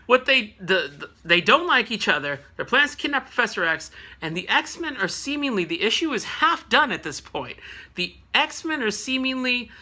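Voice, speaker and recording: A man casually recapping a comic book issue, rambling with jokes and quick asides to viewers. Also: very high-pitched, sharp tone. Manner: rambling, joking asides, frequent laughs.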